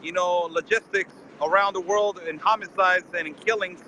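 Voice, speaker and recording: A man with a notably high, bright voice speaks in an indignant tone in a casual live-stream chat. He fires rhetorical questions and keeps calling the host by name. A faint hiss of noise sits under him. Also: fairly even intonation, moderate pace, rough recording. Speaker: border correspondent calling in.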